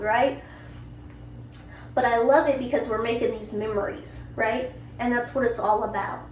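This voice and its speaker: A woman's voice: on the high side, slight background noise. Chatty woman host telling a family story. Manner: chatty, animated, lots of "you know" and "right?". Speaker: podcast host. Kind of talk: casual storytelling. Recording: roomy, distant mic, faint ambience.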